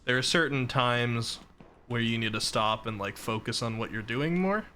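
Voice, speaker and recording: Bright-voiced man streaming and chatting. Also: medium pitch, moderate pace, a little hiss or hum. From Boston area, Massachusetts. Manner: relaxed, chatty, reads out chat messages. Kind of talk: casual chat while playing a game.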